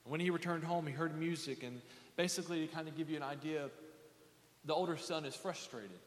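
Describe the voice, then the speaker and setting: A man preaching a sermon in a church sanctuary, with a repetitive, impassioned cadence that swells into shouting. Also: fairly high pitch, fairly quick. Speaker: pastor. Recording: echoey hall with faint congregation.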